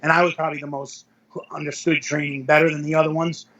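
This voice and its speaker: A man's voice: on the high side, flat delivery, quick pace, fairly bright tone, muffled recording. A middle-aged man, a veteran powerlifter, telling rambling anecdotes as an interview guest, with self-corrections and chuckles. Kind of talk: casual storytelling interview.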